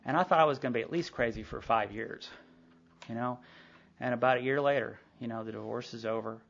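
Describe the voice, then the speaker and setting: A man, speaking at a recovery meeting, telling his story in a quick, animated way full of asides. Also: mid-range voice, gravelly. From Sherman, Texas. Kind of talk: personal storytelling talk. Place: meeting hall. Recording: dull lo-fi tape recording.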